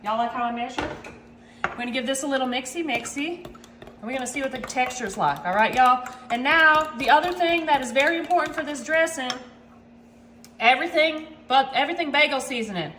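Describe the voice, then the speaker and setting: A woman's voice: high-pitched, brisk, a bit bright, slight background noise. A woman hosting a casual cooking demonstration in her home kitchen, chatting to viewers and calling them y'all as she goes. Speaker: cooking channel host. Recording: echoey kitchen with clattering dishes.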